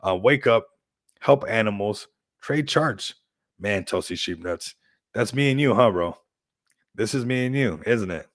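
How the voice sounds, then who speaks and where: Low-ish guy rambling on his crypto livestream, all hyped and laughing, dry sound. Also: animated, measured pace, pauses often, no room sound. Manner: rambling, upbeat hype talk with frequent laughs. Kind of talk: casual livestream chat.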